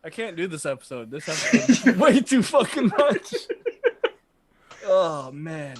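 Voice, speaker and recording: Male podcast co-host, high voice, laughing and swearing, others chattering and laughing behind. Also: very animated, measured pace, a crowd in the background. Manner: laughing, swearing, mock-exasperated. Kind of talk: casual chat.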